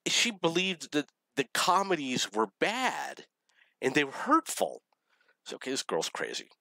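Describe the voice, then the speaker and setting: A man's voice: mid-range voice, huge pitch swings, unhurried, gravelly, pushed and bright, no room sound, low-quality recording. A man casually telling dating stories in a rambling, self-correcting, wry way. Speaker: storyteller.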